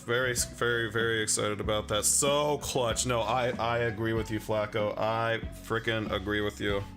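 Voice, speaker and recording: Gravelly, low-voiced man chatting on stream. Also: steady tone, moderate pace, music in the background. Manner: rambling and chatty, full of fillers and chuckles, reads chat aloud. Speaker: livestreamer painting miniatures. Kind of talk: casual livestream chat while painting.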